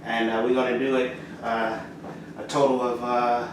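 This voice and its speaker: A man leads a casual alphabet lesson, pausing often with fillers. He sits well back from the mic, so his voice rings in a very roomy space with steady background noise. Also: mid-range voice. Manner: halting, many fillers, slow and clear letter drills. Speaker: Arabic teacher. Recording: roomy echo from far off, audible noise.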